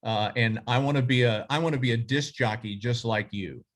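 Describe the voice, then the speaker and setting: A man's voice: medium pitch, normal speed, lightly acted. A man voicing his nervous fifteen-year-old self, with a cracking, breaking voice. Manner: timid, hesitant.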